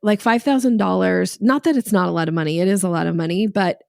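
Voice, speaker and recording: A middle-aged woman with a fairly low, gravelly voice talks fast as a podcast guest, animatedly telling a story, laughing often, and acting out dialogue. The recording is clean studio sound with no echo.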